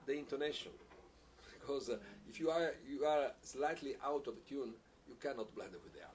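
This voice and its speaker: Halting man teaching piccolo, distant mic. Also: medium pitch, lively intonation. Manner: halting, repeats words, non-native phrasing, laughs often. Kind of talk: masterclass teaching, answering questions. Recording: distant mic with faint background hiss.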